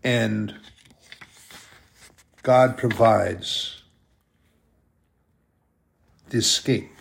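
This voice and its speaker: A man preaching a sermon, slow and deliberate, drawing out his emphatic phrases. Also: fairly low pitch, gravelly, a little hiss or hum.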